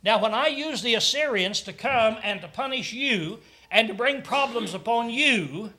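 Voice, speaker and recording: Man, preacher, sermon, high-pitched, frequent throat clearing. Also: lively intonation, moderate pace, sharp tone. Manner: clears his throat often, asks rhetorical questions.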